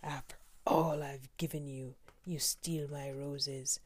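A woman voicing a fearsome, cruel male beast as a whispered role-play in a storybook reading, speaking slowly in a soft whisper. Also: extremely low pitch, steady tone, no room sound, exaggerated voice. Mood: menacing.

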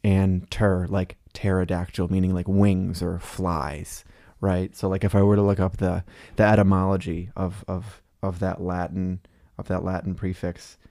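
Rambling low-voiced young man. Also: flat delivery, normal speed, vocal fry, few pauses, dark tone, no room sound, studio quality. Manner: rambling, lots of fillers and restarts, laughs often. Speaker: podcast co-host. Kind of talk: casual chat.

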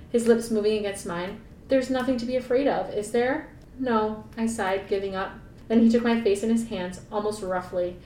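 A woman podcast co-host reading a novel aloud, breaking off for playful, sarcastic jokes. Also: warm tone. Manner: playful, laughing, sarcastic asides. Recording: echoey room, mic at a distance, faint rumble.

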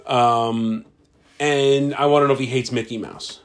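A man's voice: mid-range voice, fairly even intonation, unhurried, a crowd in the background. A middle-aged man, co-hosting a casual podcast and telling rambling, profane stories. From Staten Island, New York. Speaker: podcast co-host. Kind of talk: casual chat. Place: home podcast setup, drinking.

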